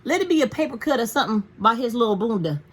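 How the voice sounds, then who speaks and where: A woman's voice: fairly high pitch, sing-song, fast, a little hiss or hum. A woman vlogging from home in a frank, profane, chatty way about caring for her dog. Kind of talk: casual rambling chat.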